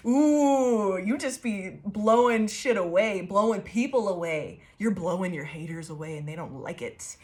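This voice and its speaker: A woman of middle pitch giving a loose, casual tarot reading. She talks in an excitable, foul-mouthed way, and her sentences ramble and restart as she goes. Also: measured pace, hardly any pauses. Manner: excitable and profane, laughing often. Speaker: tarot reader.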